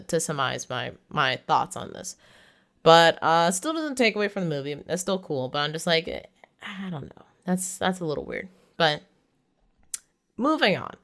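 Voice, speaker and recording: Her voice sits on the low side with a bit of brightness. This woman reviews movies, breezily walking through a plot with heavy use of "like" and laughing along the way.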